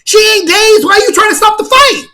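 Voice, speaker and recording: A man hosting casual commentary on a fight video, excitable, laughing and repeating himself. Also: very high-pitched, brisk. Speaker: channel host.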